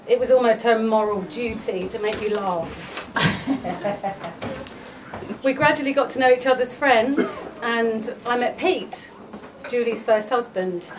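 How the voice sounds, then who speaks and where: Speaking slowly in a fairly high voice, a woman delivers a fond, heartfelt memorial eulogy for a close friend, chuckling between lines. She is a friend of the family, recorded in a memorial gathering room on a distant mic with background noise.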